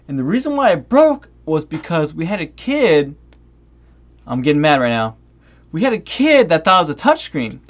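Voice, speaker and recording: A tipsy young man ranting on a stream, swearing heavily, restarting often and drifting off on tangents. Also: fairly high pitch.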